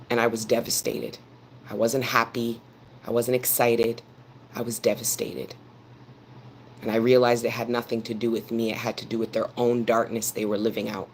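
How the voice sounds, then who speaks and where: A man's voice: mid-range voice, slight background noise. A man giving a live tarot reading, talking earnestly and preachily straight to his viewers and repeating phrases for emphasis. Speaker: tarot reader.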